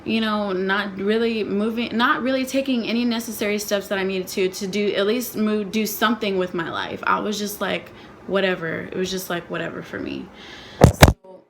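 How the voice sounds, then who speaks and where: A woman's voice: mid-range voice, fairly even intonation, normal speed, a little hiss or hum. A young woman and nursing student telling an emotional personal story in a casual vlog, rambling and saying "like" constantly. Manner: rambling, emotional, heavy use of "like". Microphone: phone.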